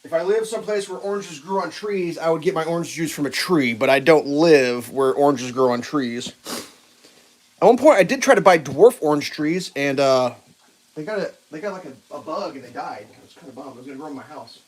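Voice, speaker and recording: A man's voice: on the high side, animated, brisk. A man chatting casually to viewers while cooking breakfast in his home kitchen, rambling and talking to his dog. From central United States. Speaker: livestream cooking host. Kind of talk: casual live-stream chat while cooking.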